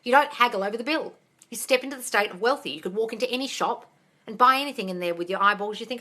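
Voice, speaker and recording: A woman's voice: on the high side, fast, sharp tone. A woman hosting a casual live-stream Q&A on manifesting, talking bluntly and animatedly and swearing freely.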